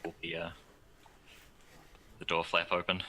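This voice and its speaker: A man speaking in character as a player in a tabletop game, formal and halting. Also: deep voice, monotone, pushed and bright, slight background noise, rough recording.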